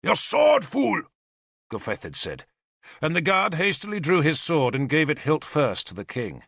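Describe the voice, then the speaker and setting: A man's voice: on the high side, very animated, moderate pace, pushed and bright, no room sound, studio quality. A man narrating a historical novel in the first person with dramatic storytelling. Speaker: audiobook narrator.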